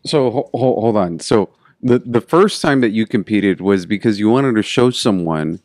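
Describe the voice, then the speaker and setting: A man's voice: fairly low pitch, expressive, moderate pace, darkish tone, no room sound, clean studio sound. A man hosting a casual interview, blunt and swearing freely, cutting in with questions.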